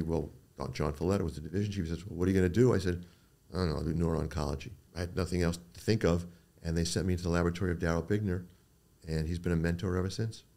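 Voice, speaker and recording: An older man with a very low, gravelly voice talks through his career as a guest on a podcast. He tells stories at an easy pace and slips into quick impressions of the people he quotes. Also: darkish tone. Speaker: neuro-oncologist guest. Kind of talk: podcast interview.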